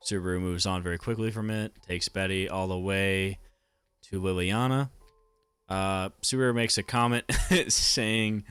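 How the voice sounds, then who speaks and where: A man's voice: lowish voice, steady tone, normal speed, fairly bright tone, clear, resonant tone, dry recording. A young man giving casual anime commentary, rambling with lots of fillers and casual swearing.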